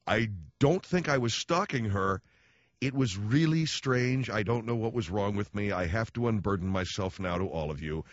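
A man's voice: fairly low pitch, lively intonation, moderate pace, no echo. A man hosting a radio talk show, rambling through a sarcastic, self-mocking comedic monologue. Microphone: studio microphone. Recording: dry, dull lo-fi radio studio.

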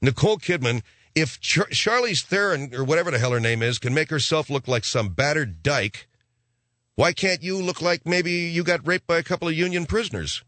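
A man's voice: a little high, expressive, normal speed, pushed and bright, no echo. A middle-aged man telling a profane, sarcastic, rambling comic story. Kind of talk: ranting comic monologue.

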